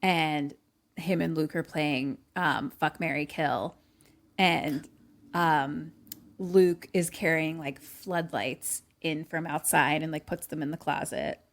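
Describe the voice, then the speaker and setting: Animated woman retelling a movie. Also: low voice, slow pace. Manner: animated, acts out characters' lines, laughs often. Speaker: podcast co-host. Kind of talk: casual retelling of a film plot. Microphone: remote call.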